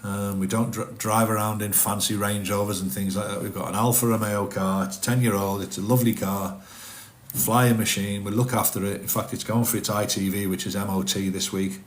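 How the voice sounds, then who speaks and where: Chatty middle-aged man, low voice. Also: level tone, fairly quick, a little hiss or hum. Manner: chatty, rambling, answers comments aloud. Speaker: livestream host reading chat. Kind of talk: casual live chat.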